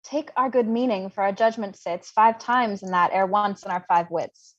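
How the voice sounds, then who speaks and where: A young woman reading the part of Mercutio, a witty, mocking young man, in an unrehearsed livestreamed Shakespeare reading, with brisk and playful delivery. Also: mid-range voice, dull audio, natural voice. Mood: teasing. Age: young adult. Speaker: volunteer reader.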